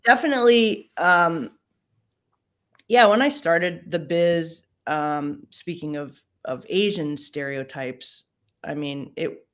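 A woman's voice: low voice, slow pace, fairly bright tone. A woman actress chatting casually as an interview guest over a livestream video call, loose and full of fillers.

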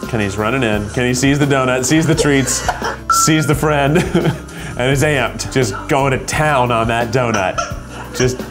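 A man's voice: medium pitch, measured pace, music in the background. A young man hosting, reacting playfully to dog posts with lots of laughs and getting emotional. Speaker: host judging dog posts. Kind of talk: casual reaction commentary.

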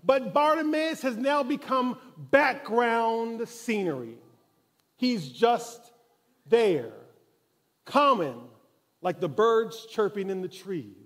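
Male pastor, sermon in a church; high voice, very lively pitch, dramatic storyteller. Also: slow. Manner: dramatic storytelling, building intensity. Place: church sanctuary.

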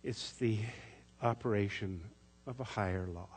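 A man preaching a sermon as pastor, telling a story in a gentle, measured way. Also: lowish voice, husky. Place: church sanctuary. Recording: echoey church sanctuary.

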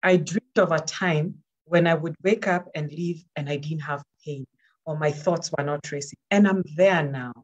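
A woman's voice: low voice, normal speed, muffled recording. A woman speaking as a panel guest, giving earnest, encouraging personal testimony and repeating words for emphasis.

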